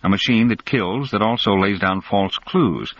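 A man voicing a calm, cunning male schemer who explains things in a measured, sharp way, raised a little above his narrating voice. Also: on the low side. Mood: coolly explaining. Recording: dull lo-fi dry recording.

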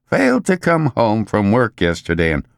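A man voicing a short, round, sweaty male boss who talks in a hoarse croak, gloomy and exasperated. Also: fairly low pitch, wildly swooping pitch, moderate pace, no room sound, clean studio sound, exaggerated voice. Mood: gloomy ranting.

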